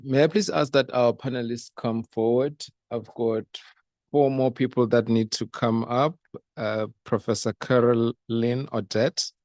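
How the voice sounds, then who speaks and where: A man moderating a symposium panel, calling up speakers with measured, hesitant pauses. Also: medium pitch, dry recording, clean studio sound. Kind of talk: introducing a panel. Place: conference venue.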